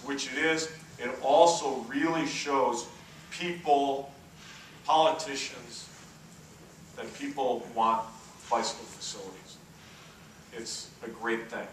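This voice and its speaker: Brief: man in his 50s, keynote speaker, bright and forceful delivery, heard from a distance in a very roomy hall. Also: medium pitch, a little hiss or hum. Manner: anecdotal storyteller, checks in with the audience. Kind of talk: conference keynote speech. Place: conference hall. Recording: echoey hall from far off.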